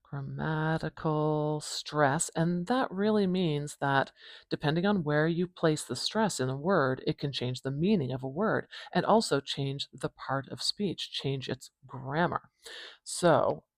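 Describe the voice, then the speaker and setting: A pronunciation teacher with a North American accent, giving an informal phonetics lesson, thinking aloud and repeating words slowly and deliberately. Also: medium pitch, dry recording.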